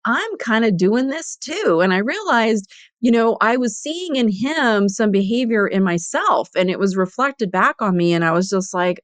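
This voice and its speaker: A woman's voice: mid-range voice, expressive, normal speed, clear, resonant tone, no room sound. Chatty woman in her fifties, dry sound. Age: 50s. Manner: chatty, candid, lots of "you know". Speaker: podcast host and business coach. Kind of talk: casual solo podcast storytelling.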